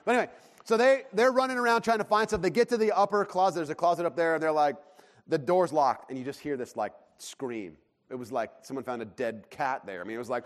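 A man in his thirties, a pastor, preaching a sermon and telling a lively family story, acting out his child's shouts. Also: on the high side, fast talker. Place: church sanctuary. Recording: long hall reverb.

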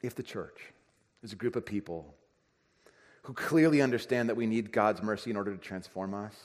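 A pastor preaching a conversational sermon, acting out everyday dialogue. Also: male voice, on the low side, a little fast. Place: church sanctuary. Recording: reverberant church hall.

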